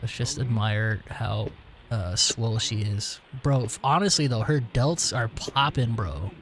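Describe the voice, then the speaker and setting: A man's voice: mid-range voice, unhurried, background noise. A man in his twenties casually commenting on a game he is playing, rambling and slangy, with frequent swearing. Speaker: streamer. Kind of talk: casual let's-play commentary.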